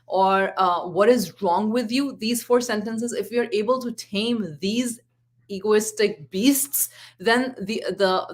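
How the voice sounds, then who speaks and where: A woman in her forties, a parenting coach, giving a live talk and telling stories from home with quoted exchanges. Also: medium pitch. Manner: earnest, storytelling with acted quotes.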